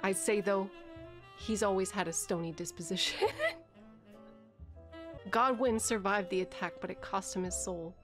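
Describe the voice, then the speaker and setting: Woman doing a hardboiled noir gumshoe; dry deadpan narration, light stifled giggles. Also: medium pitch, unhurried, long pauses, music in the background, close to an everyday voice. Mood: wry. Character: hardboiled adult male noir detective narrator.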